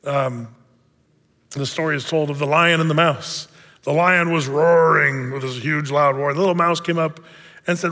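Chatty pastor in a reverberant hall. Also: male voice, a little high, fairly even intonation, moderate pace, sharp tone. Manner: conversational, many fillers, self-deprecating humor. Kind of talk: verse-by-verse sermon at a Bible study. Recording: long reverb of a big hall.

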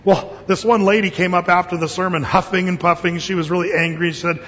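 Male pastor, high voice, folksy joking sermon, dull recording with long hall echo. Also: fairly even intonation, brisk, hardly any pauses, fairly bright tone. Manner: folksy storytelling with jokes and quoted voices.

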